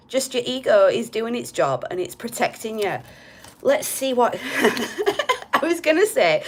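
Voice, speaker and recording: A woman with a light Hull accent giving a casual tarot reading to camera, chatty and blunt, swearing casually. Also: medium pitch. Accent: light Hull, East Yorkshire. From Hull, East Yorkshire. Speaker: tarot reader.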